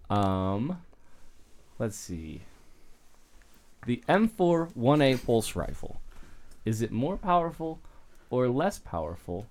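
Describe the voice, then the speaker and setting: A man's voice: medium pitch, slow pace, pauses often. A man hosting a casual movie podcast, talking loosely with lots of fillers and laughs. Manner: animated, laughing, trails off into fillers. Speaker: podcast host.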